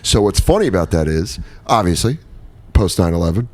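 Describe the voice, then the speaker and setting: A man from Colorado, a guest comedian chatting casually on a podcast, telling animated stories full of swearing and quick impressions. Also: deep voice.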